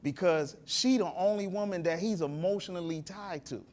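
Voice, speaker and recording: A man's voice: high-pitched, normal speed, a little mellow. A male talk show host who retells a story in a preachy way and keeps asking his audience questions. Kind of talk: animated talk to a live audience.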